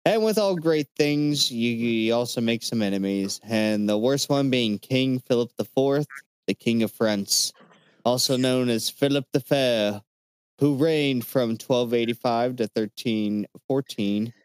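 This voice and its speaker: A man's voice: medium pitch, a little slow, smooth, no room sound. A man co-hosting a podcast who casually retells history he researched, swearing freely and filling gaps with "uh". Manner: relaxed, profane, loose retelling of history with fillers. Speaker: podcast co-host presenting the research. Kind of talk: casual chat.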